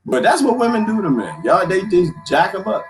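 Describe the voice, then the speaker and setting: Animated man joking with his stream. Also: sits high, fairly quick, soft background music. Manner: animated storytelling, crude joking, laughs often. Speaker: live stream host. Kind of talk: casual chat with viewers.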